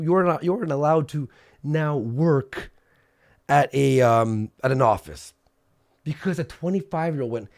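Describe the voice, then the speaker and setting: Agitated man, gravelly voice, fairly high pitch, swearing, livestream rant. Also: expressive, moderate pace, a little mellow. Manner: agitated, swearing, repeats himself. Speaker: streamer.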